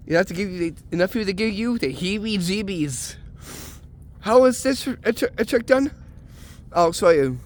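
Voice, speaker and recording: A man's voice: sits high, animated, normal speed. A man hosting an outdoor vlog in the woods, explaining prank tricks and acting theatrically spooked while he shows them. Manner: theatrical, acts spooked and shocked in the demonstrations. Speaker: video host showing Halloween pranks. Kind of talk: casual how-to vlog.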